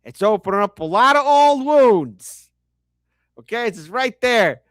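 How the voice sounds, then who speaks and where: A man's voice: very high-pitched, unhurried, no room sound. Guy doing reaction commentary, sarcastic and worked up, swears a lot, dry close mic. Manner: animated, sarcastic, swearing, many fillers. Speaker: commentary host.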